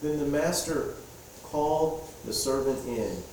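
A man gives a relaxed, conversational sermon and keeps asking the congregation questions. His voice is dark and a touch high for a man. It is picked up from a distance in a very echoey church hall, with faint room noise. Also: measured pace. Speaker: pastor.

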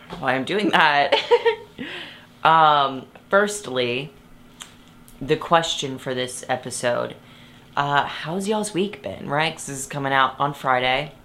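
A woman's voice: deep voice, big pitch swings, takes it slowly, fairly bright tone. A young woman hosting her own podcast from her bed, chatting casually and rambling, often interrupting herself and laughing. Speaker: podcast host. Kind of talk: casual chat. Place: bedroom, sitting on her bed.

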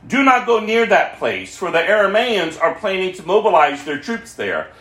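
A man voicing a bold, calm male prophet in a scripture reading, raising his pitch a little for the quotes, in a roomy echo. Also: normal speed, heavily acted. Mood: firm.

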